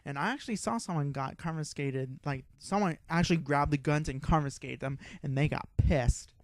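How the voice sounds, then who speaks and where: A young man co-hosting a podcast, telling a story in casual chat, excitable and swearing freely. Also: a little high, moderate pace, no room sound. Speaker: podcast co-host.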